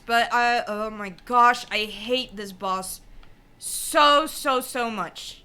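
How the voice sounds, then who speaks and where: A young woman comments on her gameplay as a streamer, frustrated and venting at a tough boss. Her voice sits high and sounds very bright. She talks at an unhurried pace and apologizes for yelling. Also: lively intonation, smooth.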